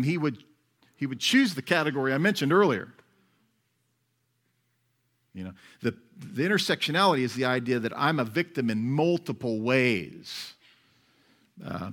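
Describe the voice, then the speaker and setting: A man preaching a sermon as pastor, talking in a conversational, wry way that swings between loud and soft. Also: mid-range voice.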